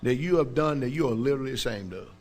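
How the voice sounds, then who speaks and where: A man's voice: mid-range voice, expressive, fast talker, darkish tone. A man, a pastor, preaching a sermon in an emphatic, colloquial way and checking in often with his congregation. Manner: colloquial, informal speech.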